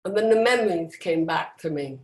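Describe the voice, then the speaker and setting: A middle-aged woman giving a personal motivational talk, emphatic and dramatic, with deliberate pauses, over a video call. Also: lowish voice, lively intonation, darkish tone. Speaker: motivational speaker. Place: indoors, at home on a video call. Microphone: video call microphone. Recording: roomy echo.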